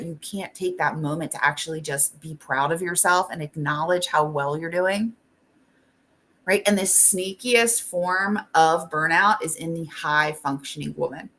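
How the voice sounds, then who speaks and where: Bright-voiced woman life coach, blunt and casual. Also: fairly low pitch, a little hiss or hum. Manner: casual and blunt, swears freely, asks "right?" after most points. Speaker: life coach and show host.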